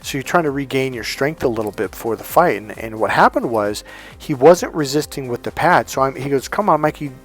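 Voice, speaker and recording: A man's voice: mid-range voice, animated, a little fast, faint music behind. A man coaching viewers in a casual monologue, acting out quoted dialogue as he tells stories. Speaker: life coach.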